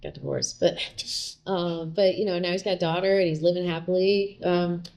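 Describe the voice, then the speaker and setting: A woman's voice: on the low side, steady tone, moderate pace, vocal fry, darkish tone, highs cut off. A middle-aged woman, a guest in a casual interview, telling a personal story in a chatty way, full of fillers and quoted dialogue.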